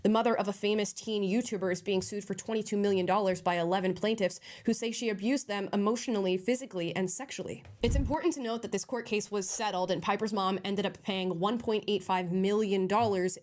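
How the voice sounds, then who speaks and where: A woman delivering scripted commentary in a measured way, reading out headlines and quotes. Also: mid-range voice, steady tone, a little mellow. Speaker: online commentator.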